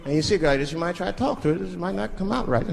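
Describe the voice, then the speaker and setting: A man's voice: high voice, animated, racing, creaky. A male stand-up comedian telling crude stories and acting out the people in them, on a large theater stage with a handheld mic. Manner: storytelling, acts out characters, crude. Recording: live hall with audience laughter. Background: audience laughter and crowd noise.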